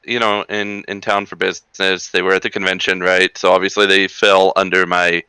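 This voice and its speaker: Man from the western US, low crisp bright voice, animated storyteller for a casual podcast chat. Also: brisk, no room sound, rough recording. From western United States. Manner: animated storyteller, slips into mock accents.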